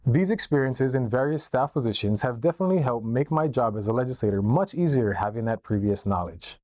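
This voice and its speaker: A man from Hawaii reads his prepared campaign message in a steady, formal delivery. His voice sits at an ordinary pitch and is recorded close and dry, with no room sound around it. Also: brisk, dry recording. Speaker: political candidate. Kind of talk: read campaign statement.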